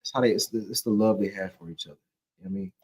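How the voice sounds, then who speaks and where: A man's voice: fairly low pitch, very fast, vocal fry, a little mellow, breathy edge, low-quality recording. Slangy man leading a casual Bible study. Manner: conversational, keeps saying "you know what I'm saying"; slangy and joking. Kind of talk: casual scripture teaching.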